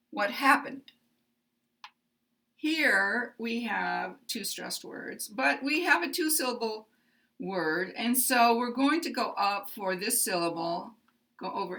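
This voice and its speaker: An American woman gives a slow, careful pronunciation lesson. Her voice is bright and a little tense, and she exaggerates the pitch of each example phrase so learners can hear it rise and fall. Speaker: pronunciation teacher. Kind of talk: slow, deliberate teaching.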